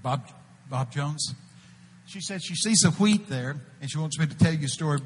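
A man preaching a sermon, telling folksy stories and breaking out to shout quoted prophecies before dropping to a hush. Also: a little high, moderate pace, big-room sound, a little hiss or hum. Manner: animated, folksy, shouts out quoted prophecies, swings between loud and hushed. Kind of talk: sermon with storytelling. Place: church.

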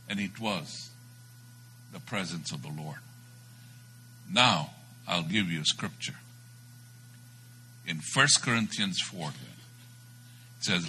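A man delivers a sermon in a low but bright, forceful voice. He tells his story dramatically, swinging between loud bursts and hushed near-whispers. A faint hum runs underneath. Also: animated, takes it slowly, long pauses, rough recording. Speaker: preacher.

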